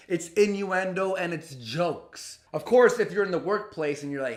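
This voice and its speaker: A man with a high voice rants through a reaction commentary, exasperated and profane. He mocks what he hears. The room around him rings with echo. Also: moderate pace. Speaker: commentary host. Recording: roomy echo.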